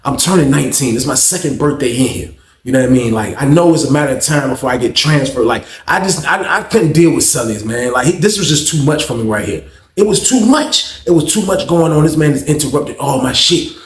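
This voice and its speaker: A man telling a story from his own life in a casual, animated and profane way, speaking straight to his listeners. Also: medium pitch, brisk, reverberant.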